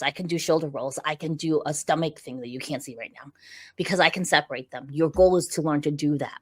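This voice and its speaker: Guesting on a podcast, a visibility coach with a low voice talks about using one's voice in conversational interview style. Her delivery is lively and explanatory, peppered with "right?" check-ins.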